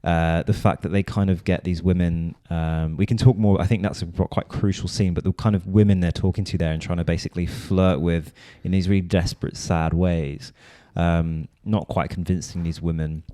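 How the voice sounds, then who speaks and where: A man's voice: sits low, steady tone, normal speed, few pauses, mellow, no echo, studio quality. A man co-hosting a podcast, talking through a film in a rambling, casual way full of fillers. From London. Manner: rambling, filler-heavy, with restarts. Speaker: podcast co-host.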